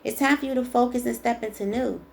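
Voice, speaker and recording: A woman's voice: a little high, quick pace, creaky, darkish tone, a little hiss or hum. A woman doing a casual spiritual tarot card reading, chatty and emphatic, reading card texts aloud and repeating the key lines. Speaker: tarot reader.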